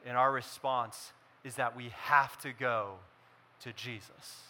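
A man preaching a sermon as a pastor, swinging between loud emphasis and quiet, intense passages. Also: medium pitch, steady tone, slow.

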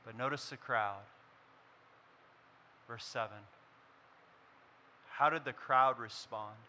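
Bright-voiced man preaching a sermon. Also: mid-range voice, takes it slowly, slight background noise. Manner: preaching with wide swings between loud emphasis and quiet intensity. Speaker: pastor.

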